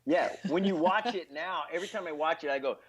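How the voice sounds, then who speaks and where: A man, a stand-up comedian, chatting casually and telling lively stories full of impressions. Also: a little high, fast, breathy edge, low-quality recording. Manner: animated storyteller who breaks into impressions. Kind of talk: casual chat with anecdotes.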